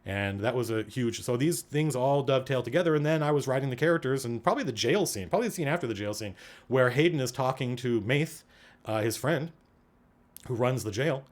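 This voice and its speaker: A man's voice: medium pitch, brisk. A man hosting a livestream, chatting casually and digressively as he answers questions from chat. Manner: animated, digressive, thinking aloud.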